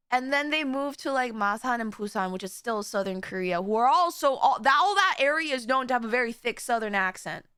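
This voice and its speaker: Giggly young streamer girl from florida rambling at chat, high voice, super dry close sound. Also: pushed and bright, no room sound. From Florida, USA. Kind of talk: casual reaction stream chat.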